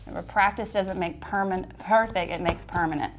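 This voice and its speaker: A woman's voice: fairly low pitch, brisk, faint music behind. A woman leading a yoga class, chatting and joking playfully as she guides the poses. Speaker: yoga instructor.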